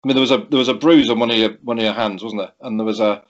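A middle-aged man, appearing as a guest, narrates a cycling accident with a medium-pitched voice and fairly even intonation. His delivery is conversational yet halting, marked by many restarts and chuckles, on a dull lo-fi recording.

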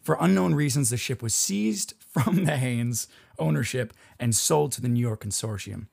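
A man's voice: medium pitch, lively intonation, moderate pace, gravelly, a little mellow. A man hosting a casual podcast, telling a history story and laughing often as he goes. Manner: laughs often while narrating.

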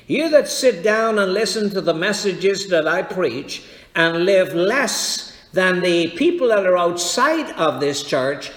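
A man preaching a sermon in a church, slow and deliberate, checking that his congregation follows. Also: high-pitched. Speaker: pastor. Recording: echoey hall with long reverb.

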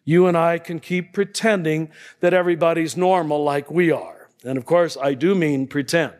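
A man giving a spiritual talk to an audience, conversational, often checking in with the listeners and chuckling softly. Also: fairly high pitch, fairly even intonation, moderate pace. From United States. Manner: conversational, checks in with tag questions and soft chuckles. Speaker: spiritual teacher.

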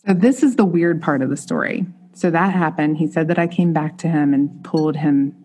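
A woman's voice: sits low, normal speed, mellow, slight background noise. A woman in her thirties, a mother and podcast guest, earnestly telling a heartfelt personal story in conversation.

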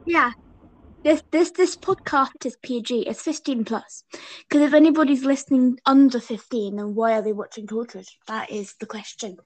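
A young woman in casual podcast chat, her voice sitting a little high. She rambles and giggles, chaining her thoughts with "and then". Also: moderate pace. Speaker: podcast co-host. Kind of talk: casual fan chat over a call.

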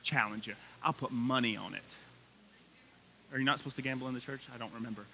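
A man in his thirties preaching a sermon in a church sanctuary, folksy and animated, his excitement building as he talks. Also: mid-range voice, quick pace, gravelly, slight background noise. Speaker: pastor.

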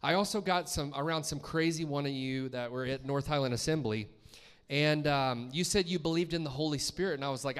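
A man's voice: on the high side, brisk, smooth, long reverb tail. A man from the States, a guest preacher telling his testimony in a conversational storytelling way, acting out his own reactions. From Columbus, Georgia, US. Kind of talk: testimony sermon. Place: church sanctuary.

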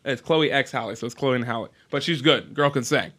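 A young man hosting a casual entertainment podcast, joking and animated as he tells stories. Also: mid-range voice, fast. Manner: joking, animated storyteller who mimics voices. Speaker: host.

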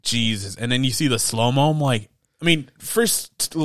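A man's voice: medium pitch, normal speed, a bit bright, no room sound, studio quality. A man co-hosting a podcast in casual chat, rambling with lots of laughs and acted-out quotes. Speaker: podcast co-host.

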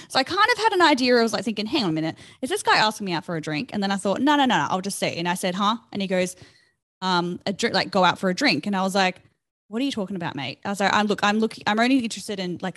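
A woman's voice: medium pitch, quick pace, no echo. Brief: young woman, podcast host, chatty storyteller, dry close sound. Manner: chatty, animated storytelling with lots of fillers. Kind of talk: casual chat.

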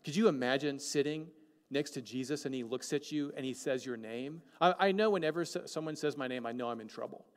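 A man preaching a sermon as pastor, animated and joking, asking the congregation many questions. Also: medium pitch, fairly quick. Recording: long hall reverb.

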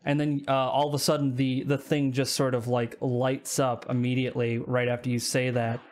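A man's voice: mid-range voice, flat delivery, normal speed. A man running a casual tabletop game as game master, narrating loosely with lots of fillers and jokes. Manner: loose, joking, many fillers.

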